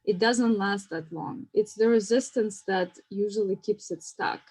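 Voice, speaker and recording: Woman, therapist, gentle reflective class talk, trails and restarts. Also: mid-range voice, measured pace, rough recording. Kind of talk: casual teaching conversation.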